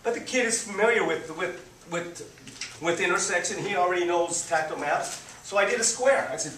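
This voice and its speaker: A man teaching a group how to guide visually impaired students, repeating "boom" to mark each point as he demonstrates. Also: normal speed, pushed and bright, a little hiss or hum. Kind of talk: live demonstration talk. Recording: echoey room, speaker far from mic.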